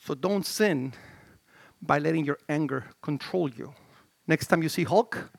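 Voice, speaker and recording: A middle-aged male pastor preaching a sermon in an animated, conversational way, with stammered restarts and swings from shouts to low murmurs. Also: measured pace, gravelly, dry recording.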